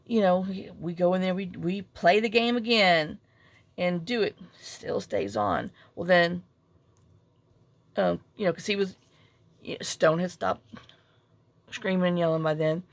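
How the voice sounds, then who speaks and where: A woman's voice: lowish voice, fairly even intonation, a little slow, long pauses, dry recording. A middle-aged woman, rambling and self-deprecating as she tells a story while crafting at home. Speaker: crafting vlogger.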